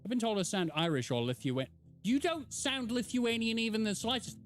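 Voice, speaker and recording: Animated English streamer man. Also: sits high, fairly quick, soft background music. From England. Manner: animated, swearing, answering chat. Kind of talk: casual live-stream chat while gaming.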